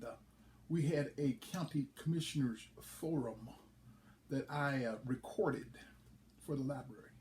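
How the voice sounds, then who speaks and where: A man's voice: mid-range voice, a little hiss or hum. A man, a league commissioner, chatting casually and telling a folksy joke. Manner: folksy, relaxed storytelling.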